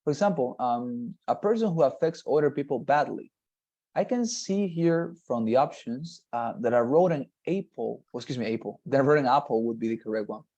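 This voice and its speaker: A man's voice: medium pitch, lively intonation, dark tone, muffled recording. Patient man tutoring on a video call. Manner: patient, explains slowly with many fillers and restarts. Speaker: English tutor. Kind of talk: one-on-one online lesson.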